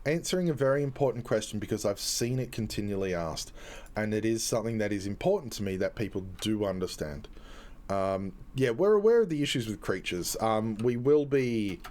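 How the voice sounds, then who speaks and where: A man hosting a game's community stream, who explains things to chat in an earnest, halting way with many restarts. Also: lowish voice, expressive, a little mellow. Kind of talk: live stream chat while playing.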